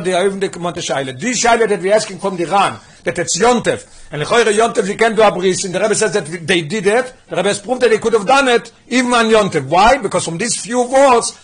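A man's voice: high-pitched, husky. A man teaching a religious text class, working through sources with repeated questions and mixing English with Hebrew and Yiddish terms. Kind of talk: lesson on a Talmudic text.

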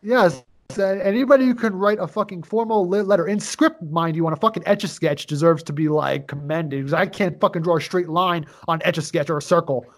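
A man's voice: on the high side, brisk. A man co-hosting a podcast, casually retelling a movie plot with constant swearing and rambling asides. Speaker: podcast co-host. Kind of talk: casual movie review chat.

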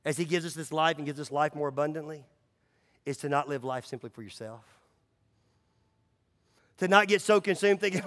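A pastor with a high-pitched voice preaches to his church, casual and conversational, dropping into near-hushed lows and then surging back loud and emphatic. His voice rings out with a long reverb tail, as in a big sanctuary. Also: animated, moderate pace. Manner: swings between loud emphatic runs and hushed low drops. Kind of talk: sermon.

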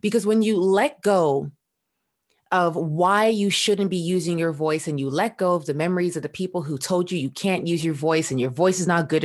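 A woman guest on a podcast, speaking in an emphatic, coaching motivational style with repeated questions. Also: fairly low pitch.

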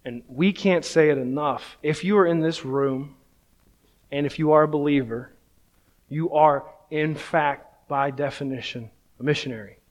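A man's voice: on the high side, measured pace. A man in his thirties, a pastor, preaching a sermon in a casual, self-deprecating storytelling way, often checking in with "right?".

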